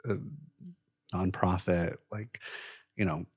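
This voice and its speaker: A man with a lowish voice co-hosts a podcast in casual chat. He tells stories in an animated way, swears freely and adds mocking asides. The sound is dry and close, with no room echo. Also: slow pace, slightly rough, highs cut off. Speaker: podcast co-host.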